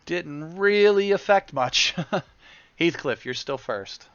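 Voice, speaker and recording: A man runs a tabletop game and narrates in a loose, casual way full of small asides. His voice is bright and dry, and it is recorded on a dull, lo-fi mic. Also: a little high, animated, takes it slowly, clean tone, no echo. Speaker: game master.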